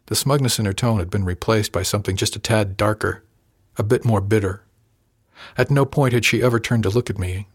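A man with a low voice narrates a first-person tale in an even, wry storytelling manner. The recording is dry and close, with no room around him. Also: brisk, breathy edge, no echo. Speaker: audiobook narrator.

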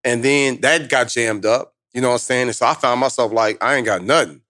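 A man's voice: medium pitch, brisk, sharp tone, no echo, clean studio sound. A man telling his life story in a casual, emphatic, slangy conversation as a guest. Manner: emphatic, slangy, full of street talk. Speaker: guest, motivational speaker.

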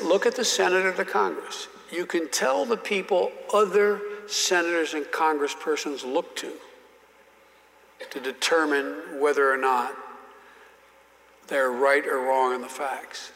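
Older man, interview guest, slightly high voice, long hall reverb, repeats himself. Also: unhurried, creaky, a bit bright. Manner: restarts and repeats words, earnest storytelling. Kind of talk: storytelling in an interview.

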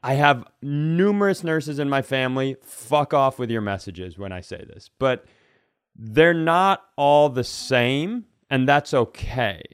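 Man, comedy podcast co-host, casual chat, rambling, profane, smooth voice, dry studio sound. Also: mid-range voice, very animated, unhurried, no echo. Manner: rambling, profane riffing with hesitant restarts.

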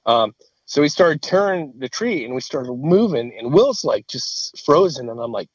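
A man telling a hunting story in casual conversation. He is animated, swears freely and laughs at his own story. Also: medium pitch, normal speed, slightly rough, dry recording, lo-fi sound.

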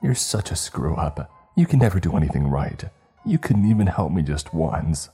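A man voicing a creature that mimics a young woman, soft and sweet at first, then scornful and screaming. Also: extremely low pitch, sing-song, a little slow, husky, faint music behind, exaggerated voice. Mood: venomous.

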